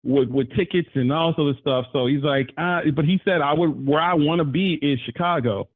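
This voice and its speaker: A man calling into a live sports talk show, rambling and animated, often jumping his voice up to quote people. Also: fairly high pitch, normal speed, dry recording, rough recording. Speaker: caller.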